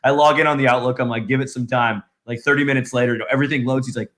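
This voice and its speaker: A young adult man co-hosting a podcast, telling stories in casual chat with laughs and animated impressions. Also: mid-range voice, rapid-fire. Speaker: podcast co-host.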